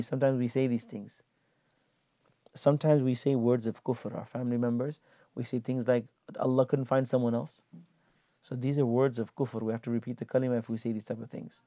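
A man giving a casual, animated religious lesson, explaining hadith and acting out everyday complaints. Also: mid-range voice, brisk, dry recording. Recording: dull lo-fi sound.

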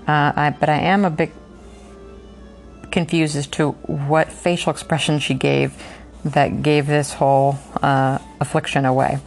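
A woman's voice: sits low, a little mellow. A woman reading a novel aloud and breaking off for chatty, filler-heavy commentary, recorded on an app. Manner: chatty asides with frequent fillers. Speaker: podcast reader and commentator.

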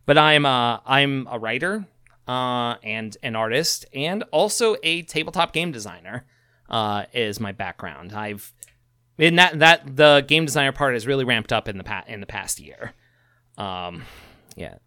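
A man co-hosting a podcast in casual chat, rambling and halting, often laughing. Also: medium pitch, animated, pushed and bright, smooth, no echo, clean studio sound. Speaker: podcast co-host.

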